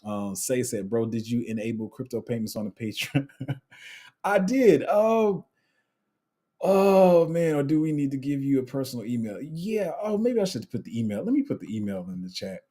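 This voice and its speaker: Young guy doing a live q&a, slangy and chatty, kinda dark mellow tone. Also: mid-range voice, big pitch swings, moderate pace, husky. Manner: chatty, slangy, trails off and restarts while multitasking. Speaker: crypto livestream host. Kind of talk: casual live Q&A, reading chat.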